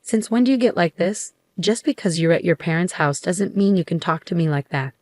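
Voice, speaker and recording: Scornful bossy husband, grown man, storybook reading, woman narrator voicing him, dry close sound, lowish voice. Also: expressive, brisk, a little mellow, no echo, lightly acted. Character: angry condescending husband, adult man.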